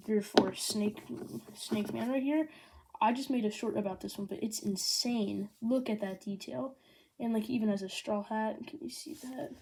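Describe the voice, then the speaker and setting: A woman giving a casual manga review, rambling and excitable, with lots of "like" fillers. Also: a little high, noisy background.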